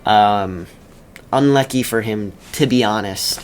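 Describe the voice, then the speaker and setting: A young man telling a casual story over gameplay commentary, rambling and wry, with many pauses and self-corrections. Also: lowish voice, smooth. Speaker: video creator.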